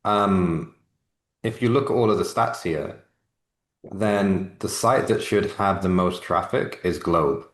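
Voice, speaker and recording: A man's voice: low voice, roomy sound. A man co-hosting a casual marketing webinar on a video call, explaining things step by step. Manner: measured, explains step by step, repeats words while starting. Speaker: webinar co-host.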